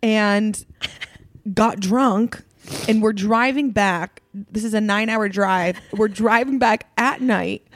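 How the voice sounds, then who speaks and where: A woman's voice: mid-range voice, no echo, studio quality. Chatty young woman, casual storytelling. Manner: chatty, reacts with quick asides. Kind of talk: casual chat.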